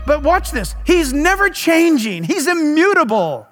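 A man's voice: very high voice, sing-song, a little slow, fairly bright tone, in a large hall, faint music behind. A pastor preaching a sermon at a church service, emphatic, putting rhetorical questions to his audience.

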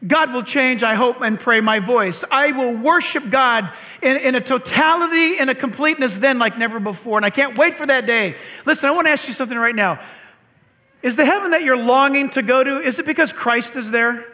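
With a high, reedy voice that has drawn comparisons to a cartoon frog, an older pastor preaches and poses earnest rhetorical questions. He talks fairly quickly, with a sharp edge to his tone.

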